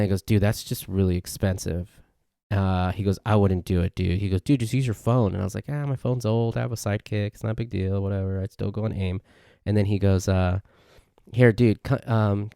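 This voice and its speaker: A low, gravelly man hosts a solo podcast, rambling loosely from one story to the next. His tone is dark and mellow, and the recording is dry and close. He bounces up into a higher voice whenever he quotes a friend. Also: dry recording. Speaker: podcast host. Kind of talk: casual solo podcast rant.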